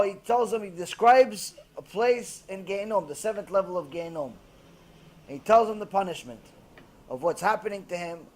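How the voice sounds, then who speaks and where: A man's voice: high-pitched, a little fast, darkish tone. A man preaching as a rabbi, retelling a story with passion and frequent fillers. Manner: impassioned, many fillers. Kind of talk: sermon storytelling.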